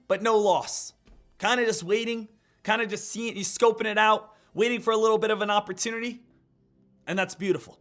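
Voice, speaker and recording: Male trading-stream host, higher-pitched, pumped-up coaching patter, soft music behind. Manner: upbeat, repetitive hype, addresses viewers as guys and traders. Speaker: day-trading livestream host. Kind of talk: live market commentary and coaching.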